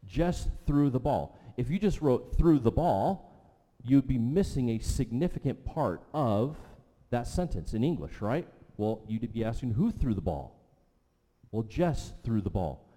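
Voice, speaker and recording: A man's voice: mid-range voice, big pitch swings, measured pace, warm tone. A middle-aged man teaching a sermon to a congregation, chatty and often checking in with "okay" and "right". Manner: conversational, repeats okay and right. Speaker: pastor. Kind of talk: sermon teaching with audience questions. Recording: long hall reverb.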